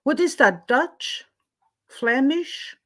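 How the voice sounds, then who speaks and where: Slow-talking woman hosting a livestream. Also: sits high, expressive. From Switzerland. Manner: chatty, greets viewers by name, many fillers. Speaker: livestream host. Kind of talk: casual live-stream chat.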